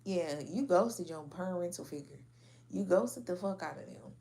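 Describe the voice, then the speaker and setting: A woman's voice: fairly low pitch, lively intonation, normal speed, creaky, warm tone. A woman giving a casual spoken reading in a blunt, slangy, frank manner. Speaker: tarot reader.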